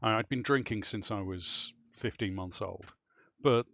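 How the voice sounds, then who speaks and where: A man's voice: on the low side, measured pace, dry recording. Irish guy spinning drinking stories on stream, swears a lot, kinda muffled dry mic. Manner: animated, swears freely, restarts often. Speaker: streamer chatting with clanmates. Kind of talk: casual storytelling chat.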